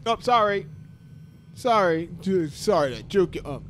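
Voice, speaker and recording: A man with a slightly sore voice talks his way through a horror game, joking and yelping at the scares. His delivery is unhurried, and his pitch sits a little high and moves a lot. A faint hiss of noise runs under the recording. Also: big pitch swings. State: sore voice from talking. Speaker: gaming YouTuber.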